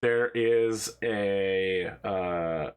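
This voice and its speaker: A man's voice: low voice, extremely slow, clean tone. A man narrating a tabletop game as its game master, casual and amused, breaking into laughs as he describes the scene. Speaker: dungeon master.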